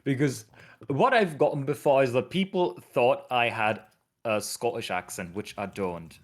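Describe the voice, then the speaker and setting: A man with a Northern English accent and a medium-pitched voice chats casually at a normal speed while live-streaming his compiler work. He rambles on as an animated explainer.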